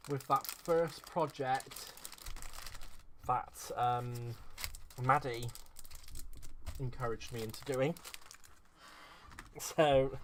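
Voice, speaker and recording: A man's voice: medium pitch, fairly bright tone, slight background noise. A man chatting casually as a craft vlogger, gushing over card-making supplies. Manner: gushing, effusive. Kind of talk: casual craft unboxing chat.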